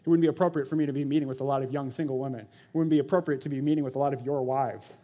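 A man's voice: mid-range voice, fairly even intonation, racing, dark tone. A man in his thirties preaching a sermon, earnest and exhorting, slipping into mocking quoted voices. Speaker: pastor.

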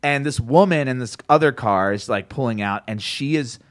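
A man's voice: mid-range voice, normal speed, dry recording, clean studio sound. A man hosting a podcast in casual chat, telling stories with lots of laughs and swearing. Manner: animated storyteller, swears freely, laughs often. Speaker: podcast host.

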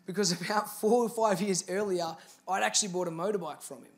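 A man's voice: high voice, steady tone, fast talker. A man with an Australian accent, a pastor telling a personal story in a sermon and building to earnest, emphatic appeals. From Victoria, Australia.

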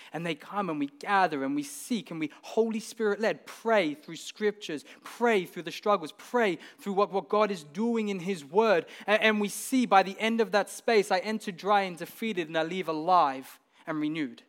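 A man's voice: high-pitched, moderate pace, few pauses. A man preaching a sermon, earnest and building to emphatic peaks, often repeating words as he goes.

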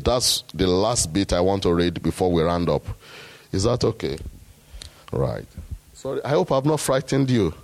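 A man preaching a sermon, rising to loud, high exhortation and quoting scripture. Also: lively intonation, moderate pace, gravelly.

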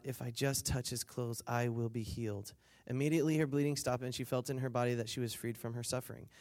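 A man delivers a conversational sermon to a retreat crowd. He reads scripture, then retells it in his own casual words, playing out the people in the story. He laughs along and gets the listeners to say lines back to him. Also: medium pitch. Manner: conversational, acts out quotes, asks the crowd for responses. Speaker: speaker at a weekend retreat.

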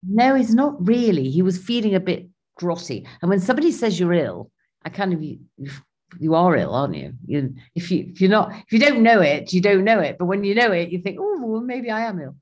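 A woman's voice: lowish voice, brisk. A woman, animatedly telling a personal travel story in casual conversation. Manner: animated, acts out her own and others' lines.

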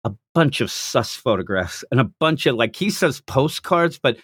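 A man hosting a podcast, casually recapping a manga chapter in a jokey, animated way. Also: mid-range voice, husky, no room sound. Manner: animated, jokey retelling with quick acted quotes. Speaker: podcast host.

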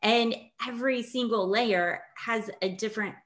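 A woman's voice: fairly high pitch, moderate pace, fairly bright tone. Chatty woman hosting a casual interview. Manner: friendly, chatty, uses "like" and "sort of". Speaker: interview host.

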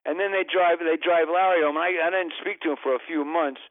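Rambling comic storyteller with tinny phone sound. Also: male voice, on the high side, fairly even intonation, quick pace, dry recording. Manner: rambling, self-interrupting comic anecdotes. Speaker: guest. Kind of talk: casual storytelling.

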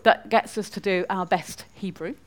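A woman's voice: medium pitch, fairly even intonation, normal speed. A woman from northwest England with a Mancunian accent, giving a chatty church talk and quizzing the congregation. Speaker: preacher.

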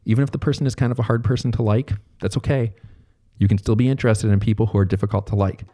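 Middle-aged guy teaching a therapy class, laid back and conversational, low mellow voice. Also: fast. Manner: relaxed, conversational, thinks aloud. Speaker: therapy instructor. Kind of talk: recorded lecture.

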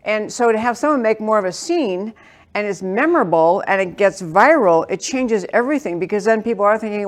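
A woman's voice: mid-range voice, lively intonation, brisk. A woman hosting an interview, speaking in an enthusiastic, exclamatory way. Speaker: host. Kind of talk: interview talk.

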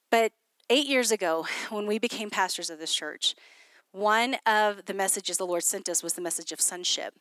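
A middle-aged woman pastor sharing a personal testimony in a sermon, talking in an animated way to the congregation and dropping low and soft when she quotes God. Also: smooth, dry recording. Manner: animated storytelling, addresses listeners as "you guys".

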